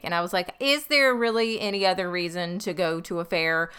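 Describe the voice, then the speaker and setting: A woman's voice: on the low side, a little fast, pushed and bright, smooth. A woman with a light Southern US accent, co-hosting a casual podcast in a chatty, giggly, enthusiastic way. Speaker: podcast co-host.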